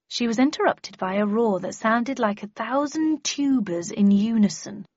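A woman narrating a story in the first person in an even, wry manner. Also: on the high side, normal speed, hardly any pauses, dry recording, highs cut off. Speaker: audiobook narrator.

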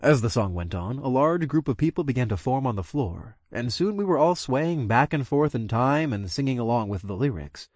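A man narrating a first-person story with expressive delivery. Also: medium pitch, normal speed, few pauses, no room sound, clean studio sound. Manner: expressive, voices every character. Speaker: audiobook narrator.

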